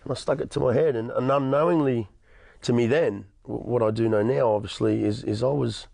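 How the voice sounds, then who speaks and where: Earnest Australian male guest in his thirties, gravelly voice, dry recording. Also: mid-range voice, steady tone, fairly quick, a little mellow, no room sound. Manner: earnest, frequent restarts and stammers. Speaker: interview guest. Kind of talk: personal testimony in conversation.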